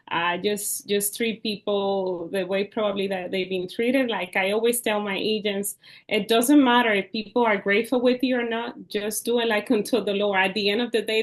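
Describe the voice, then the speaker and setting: A woman hosting a podcast interview, who speaks hesitantly with many fillers. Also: medium pitch. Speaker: podcast host. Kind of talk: casual interview.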